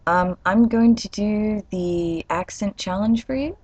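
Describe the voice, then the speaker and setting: A woman's voice: mid-range voice, a little slow, darkish tone, no echo, dull audio. A young woman from Atlanta, Georgia, with a light Atlanta accent, chatting candidly and casually on a webcam vlog. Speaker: vlogger.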